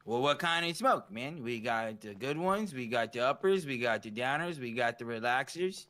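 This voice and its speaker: Bright-voiced man doing hustler patter. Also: mid-range voice, lively intonation, moderate pace. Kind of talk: role-play as street vendor.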